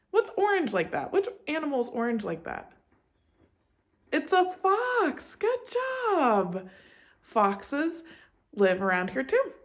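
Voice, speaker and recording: A young woman preschool teacher talking to small children and reading a picture book aloud in an encouraging, sing-song way. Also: mid-range voice.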